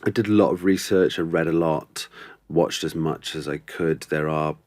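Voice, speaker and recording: A man's voice: very deep voice, normal speed, a little mellow, no room sound. A male actor chatting as a podcast guest, thoughtful, with many ums and restarts. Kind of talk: casual interview chat.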